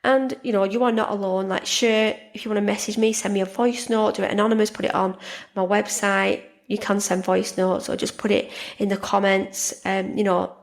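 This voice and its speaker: A woman hosting a podcast, talking casually and warmly about her own life, often repeating words and restarting sentences. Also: medium pitch, flat delivery, normal speed. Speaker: podcast host and life coach. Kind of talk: casual monologue.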